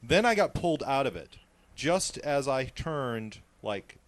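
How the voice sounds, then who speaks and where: A man's voice: mid-range voice, big pitch swings, measured pace. A man in his thirties in a radio studio, talking emphatically and profanely, with stammering restarts. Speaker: studio regular on talk radio. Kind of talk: casual studio chat.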